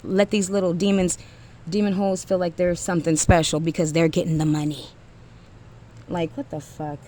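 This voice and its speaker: A woman's voice: lowish voice, level tone, moderate pace, warm tone, slight background noise. A woman giving a blunt, profane motivational rant to single mothers, emphatic and often trailing off with sighs.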